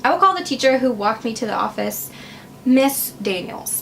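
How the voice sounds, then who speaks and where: A woman's voice: on the high side, lively intonation, moderate pace, vocal fry, fairly bright tone, slight background noise. A young woman from Wisconsin telling a personal storytime on her vlog, chatty and sarcastic, full of "like" fillers. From Wisconsin, USA. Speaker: vlogger.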